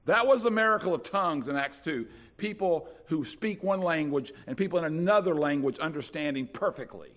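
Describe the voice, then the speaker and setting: A pastor from North Carolina, preaching a sermon with dramatic swings from soft to loud. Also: male voice, fairly high pitch, expressive, fairly quick, hardly any pauses.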